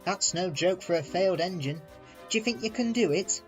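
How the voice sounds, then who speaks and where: A man voicing a steady, thoughtful male engine driver in a storybook reading. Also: sits high, a little fast, soft background music, pitched above the performer's own voice, close to an everyday voice. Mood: urging. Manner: thoughtful then urging.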